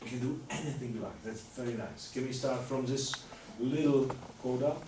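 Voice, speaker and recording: A man's voice: medium pitch, fairly even intonation, moderate pace, background noise. Man coaching a quartet in an echoey room. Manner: coaching with short instructions and praise. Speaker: music teacher. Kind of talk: master class coaching. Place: rehearsal room with a string quartet. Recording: roomy, distant, loud instruments.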